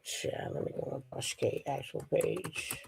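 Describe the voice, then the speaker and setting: Speaking at a normal speed in a slightly mellow voice, a woman hosts a casual gossip commentary show. She's blunt, profane and sassy, addressing her audience directly.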